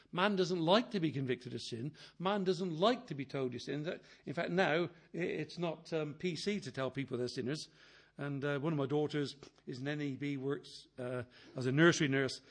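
An older man preaching with a slightly raised pitch. He is earnest and quotes scripture often, dropping to quiet asides and then building to emphatic, louder passages. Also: moderate pace. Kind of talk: sermon.

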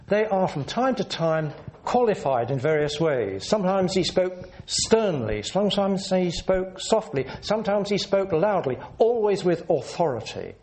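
A man preaching a sermon in an earnest, measured teaching manner, leaning into words for emphasis. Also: sits high, a little mellow.

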